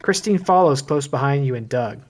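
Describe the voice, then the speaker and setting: A man's voice: medium pitch, expressive, normal speed. A man streaming a horror visual novel, reading the text aloud and breaking off into joking asides.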